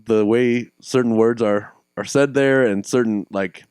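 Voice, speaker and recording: A man hosting a podcast in casual chat, relaxed and rambling, chuckling often. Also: mid-range voice, unhurried, clear, resonant tone, dry recording, studio quality. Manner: laid-back, chuckling, rambling. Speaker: podcast host.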